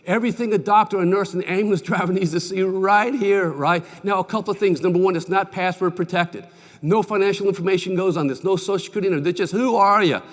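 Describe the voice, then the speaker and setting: A middle-aged man delivers a keynote speech in a folksy, animated way, with a fairly high voice. He tells stories and keeps asking the crowd questions. The sound carries the long echo of a large conference hall. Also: fast talker. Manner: folksy, animated storyteller, asks the audience questions. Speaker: keynote speaker. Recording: distant mic with long hall reverb.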